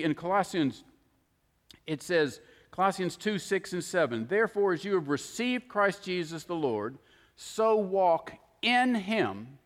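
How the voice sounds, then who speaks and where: A man's voice: high voice, a bit bright. A man preaching a sermon, explaining scripture in an earnest, emphatic way and often quoting verses. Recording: long hall reverb.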